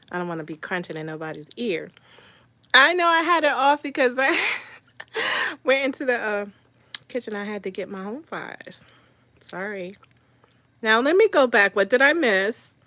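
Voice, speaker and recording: A woman's voice: mid-range voice, a bit bright, no room sound. A woman hosting a casual live stream, teasing commenters, laughing often and apologizing for eating.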